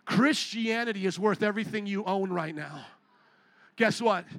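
A man's voice: sits high, normal speed, a bit bright, no echo. A male pastor preaching a sermon from a stage with a handheld microphone, fervently firing rhetorical questions at the congregation. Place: stage in a large building.

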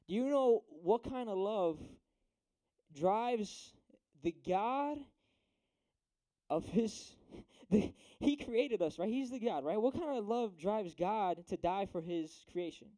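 A young man preaches to a room of teens in an easy, slangy way, keeping up a steady stream of "right?" and "dude." His voice sits high but sounds mellow and warm. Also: takes it slowly. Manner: slangy, chatty, asks "right?" often. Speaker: youth preacher. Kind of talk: casual youth sermon.

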